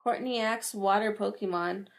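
A young woman in casual podcast chat with a gravelly, creaky edge to her voice. She talks in a chatty, playful way, often giggling, at an ordinary middle pitch. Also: steady tone, normal speed. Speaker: podcast co-host.

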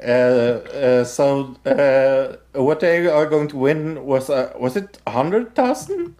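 A man co-hosting a casual podcast, reviewing TV shows with halting speech, many fillers and frequent laughter. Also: medium pitch, animated, a little mellow. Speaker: podcast co-host.

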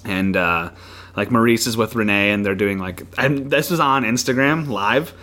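A man co-hosting a podcast, chatting casually and retelling a show with animated storytelling. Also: lowish voice, normal speed. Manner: animated storytelling with playful impressions. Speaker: podcast co-host.

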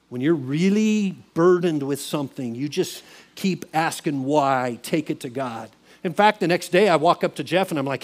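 A man's voice: fairly high pitch, a little mellow. A man preaching a sermon in an earnest, confessional way, acting out his own conversations with God and with a mentor. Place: church.

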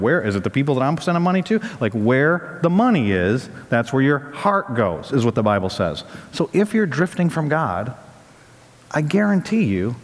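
A male pastor preaching a sermon, telling stories in a conversational way and building to emphatic peaks. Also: mid-range voice. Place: church sanctuary. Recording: long reverb of a large hall.

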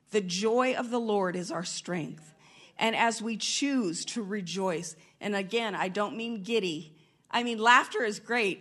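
A middle-aged woman preaching a sermon, telling stories with lively bursts of laughter. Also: medium pitch. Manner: animated storytelling with bursts of laughter.

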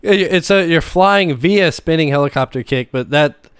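A man's voice: a little high, normal speed, smooth, dry recording, clean studio sound. A man co-hosting a podcast, rambling through ideas in casual chat and laughing often. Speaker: podcast co-host.

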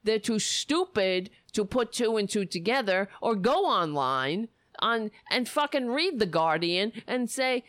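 A woman's voice: mid-range voice, very animated, a little slow, fairly bright tone, no room sound. A woman delivering an angry, profane political rant full of sarcasm.

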